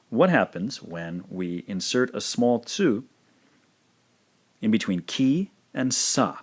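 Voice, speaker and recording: A man teaching a language lesson, demonstrating pronunciation slowly and repeating each word several times. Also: lowish voice, very animated. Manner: slow, careful demonstrations with repeated words. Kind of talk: scripted lesson narration.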